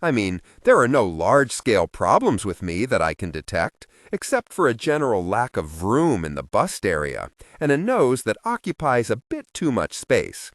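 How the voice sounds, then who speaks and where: Male audiobook reader, first-person storytelling, lower voice with a hugely lively pitch, dry close sound. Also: normal speed, few pauses, no echo. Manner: expressive, shifting voices for characters. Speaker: audiobook narrator.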